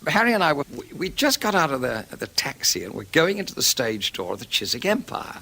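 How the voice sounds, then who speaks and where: An older man telling an animated anecdote and acting out other people's voices as an interviewee. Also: mid-range voice, brisk, creaky.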